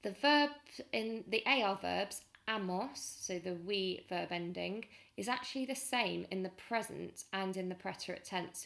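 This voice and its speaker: A woman's voice: mid-range voice, vocal fry, fairly bright tone. A woman, patiently explaining a grammar lesson step by step as a language teacher.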